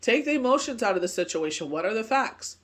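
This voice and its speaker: A woman's voice: fairly high pitch, sing-song, fast. A woman doing a casual, rambling tarot card reading, full of filler phrases and asides. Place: speaking from Canada.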